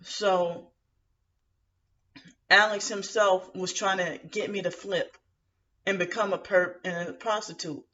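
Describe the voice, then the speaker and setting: A woman vents to camera in a rambling, indignant monologue, stopping and restarting her sentences and leaning on fillers. Her tone is bright and edgy. The sound is muffled and lo-fi, and she sits some distance from the mic. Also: mid-range voice, fairly even intonation, slow pace, long pauses. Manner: aggrieved, indignant. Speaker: vlogger.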